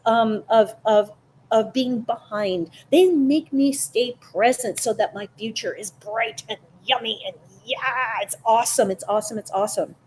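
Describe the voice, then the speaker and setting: A woman hosting a casual psychic live stream, animated and chatty, greeting viewers by name. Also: on the high side, measured pace, a little hiss or hum. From Canada. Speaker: psychic livestream host.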